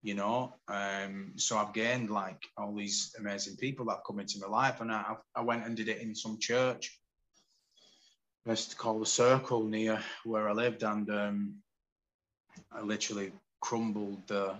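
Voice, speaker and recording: A man in his forties from the UK, a podcast guest telling his story in candid, animated casual conversation. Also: fairly low pitch, a little slow, a little hiss or hum, poor audio. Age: 40s.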